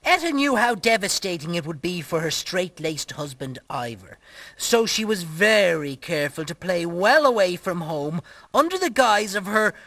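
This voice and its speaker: A man voicing a cranky, foul-mouthed old Irish bachelor puppet with an Irish accent, gruff and bossy as he hosts a comic spooky story. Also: sits high, very animated, normal speed, sharp tone, dry recording, exaggerated voice. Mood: narrating. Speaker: storyteller host. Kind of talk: puppet comedy narration.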